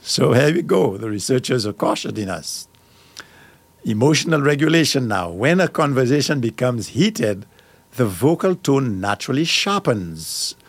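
A middle-aged man hosts a radio talk show, speaking into a studio mic at an ordinary mid-range pitch. He works through a list of points, then stops to add firm, plain-spoken asides of his own. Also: big pitch swings, moderate pace, dry recording.

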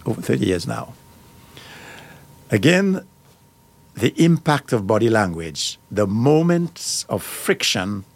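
A man's voice: on the low side, husky. Firm middle-aged man hosting a radio talk show. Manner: reads out points, then breaks off into firm personal asides.

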